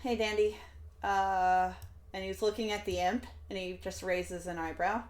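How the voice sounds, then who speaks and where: A woman's voice: fairly low pitch, steady tone, a little slow. A woman narrating as game master over a voice call, chatty and laughing often.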